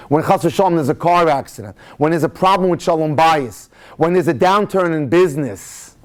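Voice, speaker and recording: Animated rabbi telling a story. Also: male voice, on the high side. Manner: animated storyteller mixing Hebrew phrases into English. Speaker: rabbi lecturer. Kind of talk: storytelling Torah lecture.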